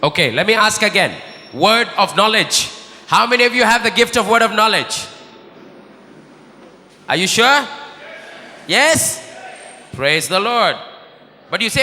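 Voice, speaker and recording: A male preacher delivers an impassioned sermon in a high, very bright voice. He moves between murmured prayer and shouted emphasis. The sound carries a long reverb, as in a large hall. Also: animated, measured pace, pauses often, slight background noise.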